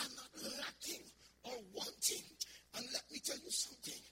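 A man preaching a sermon as a missionary. He speaks with fiery emphasis, calls out to the congregation and swings between shouting and hushed delivery. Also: very high voice, heavy background noise. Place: church.

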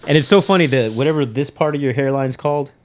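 A man co-hosting a podcast chats casually about movies, a profane, rambling storyteller who acts out his own reactions. His mid-range voice is fast with a darkish tone.

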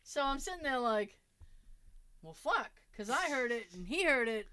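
A woman's voice: sits high, very animated, normal speed, sharp tone, clear, resonant tone, dry recording. A woman casually telling a story to friends, swearing freely and acting out the voices of the people in it. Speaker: podcast host telling a story.

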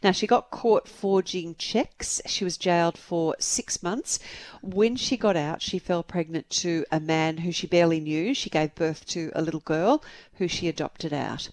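A woman's voice: on the low side, measured pace, few pauses, darkish tone, dry recording. A woman co-hosting a podcast, telling a true crime story in a chatty way and laughing often. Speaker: podcast co-host. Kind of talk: casual true crime chat.

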